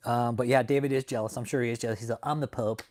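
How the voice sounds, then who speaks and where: A man's voice: medium pitch, darkish tone. A man hosting a casual livestream, talking to his chat in a profane, mocking way and laughing often. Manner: greets chat viewers by name. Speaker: livestream host.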